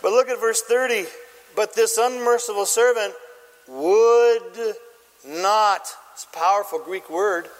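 A man preaching a sermon, telling the story in an animated way and acting out scenes. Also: high-pitched, moderate pace, in a large hall, low-quality recording.

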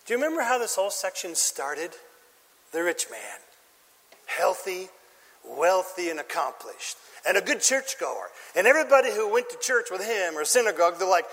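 A man's voice: high voice, sing-song, moderate pace, fairly bright tone. Man, pastor, sermon, emphatic, quizzes the congregation, lingering hall reverb. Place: church.

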